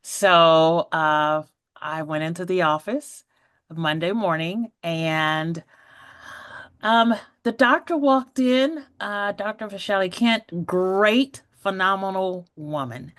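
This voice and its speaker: A woman in her forties, her voice on the low side, tells her own story as a podcast guest. She is animated, laughs often, and slips into the voices of the people she quotes. The sound is dry and close, with no room around it. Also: slow, dry recording. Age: 40s.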